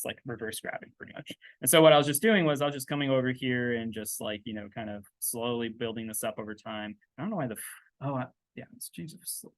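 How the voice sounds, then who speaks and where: A man's voice: mid-range voice, a bit bright, no room sound. Casual man thinking aloud over a tutorial. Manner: loose and chatty, thinking aloud with many fillers and "right?". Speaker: 3D texturing instructor. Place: indoors at a laptop.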